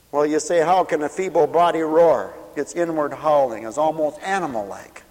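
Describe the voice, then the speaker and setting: A high-pitched man delivers a radio sermon, his voice surging into fervent, loud reading of scripture before falling quiet and plain for personal stories. A long reverb from a large hall trails every phrase. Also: normal speed, few pauses. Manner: impassioned preaching, swelling loud on scripture and dropping to quiet storytelling. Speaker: preacher.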